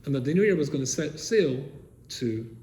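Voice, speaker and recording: An older man from England, a rabbi telling stories to seminary students, animated, with rhetorical questions, swinging from loud to soft. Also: a little high, moderate pace. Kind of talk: storytelling talk to students. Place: seminary room, indoors. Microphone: camera he set up himself. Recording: echoey room with faint noise.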